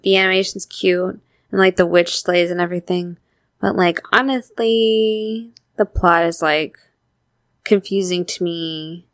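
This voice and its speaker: A woman's voice: fairly low pitch, no room sound. A young woman co-hosting a podcast, recapping a cartoon in a laid-back, slangy way with lots of agreeing murmurs. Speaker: podcast co-host. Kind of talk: casual chat recapping a cartoon.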